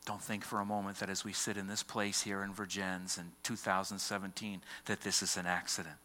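Forceful low-voiced male preacher. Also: flat delivery, fairly quick. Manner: dramatic, swings from loud declaration to hushed near-whisper. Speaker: pastor. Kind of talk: sermon.

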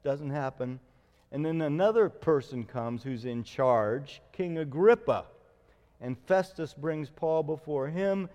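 A middle-aged man preaching a sermon as a pastor, telling stories with lively acted-out quotes. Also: fairly high pitch, slow pace, in a large hall, dull audio. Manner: storytelling, animated retelling with acted quotes.

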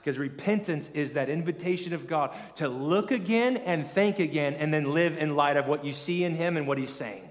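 A male pastor preaching a sermon in a lively, conversational way, calling on the congregation to repeat lines after him. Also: on the high side, moderate pace, hardly any pauses. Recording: long reverb of a large hall.

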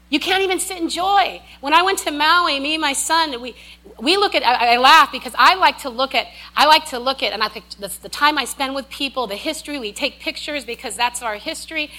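A woman preaching a sermon, emphatic and repetitive, with animated asides and restarts. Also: high-pitched.

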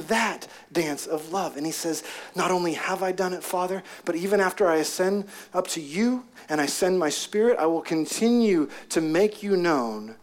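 Pastor preaching, loud peaks and hushed lows. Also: male voice, normal speed. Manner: swings from loud emphatic peaks to hushed near-whispers. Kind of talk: sermon. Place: outdoor gathering with a prayer tent.

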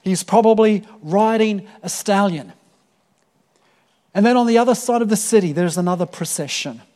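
High-voiced earnest male preacher. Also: moderate pace, dark tone. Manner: earnest, with many fillers and repeated words. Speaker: pastor. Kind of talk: sermon.

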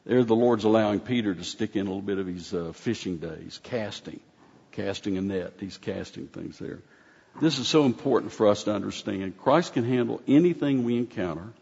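A man's voice: fairly low pitch, vocal fry, darkish tone, husky. A man preaching a conversational sermon in a folksy, rambling way, often restarting his sentences. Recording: dull sound with long hall reverb.

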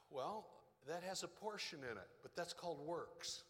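A man preaching a sermon as a pastor, animated, sometimes dropping to a hushed whisper. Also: a little high, normal speed, hardly any pauses. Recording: preached in a reverberant hall.

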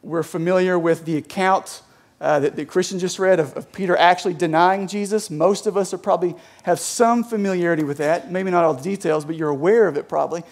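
A man's voice: high-pitched, a little fast. A young adult man in the States, a pastor giving a casual, conversational sermon in a church, often checking in with "right?". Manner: chatty, peppers talk with "right?" and "like". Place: church sanctuary.

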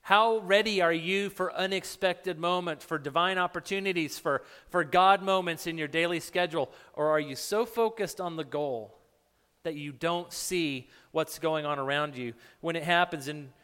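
A man with a high voice leads a conversational sermon, asking his listeners questions as he goes. He talks casually, often restarting his phrases. His voice rings out with the long reverb of a big hall. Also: moderate pace, fairly bright tone, clear, resonant tone. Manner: casual retelling with frequent restarts. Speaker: pastor leading a Bible study.

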